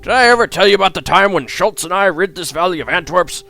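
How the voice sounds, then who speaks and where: A man's voice: sits high, lively intonation, quick pace, vocal fry, bright, forceful tone, pitched above the performer's own voice, heavily acted. A man voicing a genial old male guildmaster, a retired adventurer who reminisces in a chatty, friendly way over faint guitar music.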